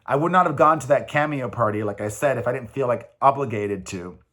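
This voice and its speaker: A man's voice: medium pitch, a little fast, fairly bright tone. A man in his forties, a single father, rambling in a casual, emphatic confessional vlog.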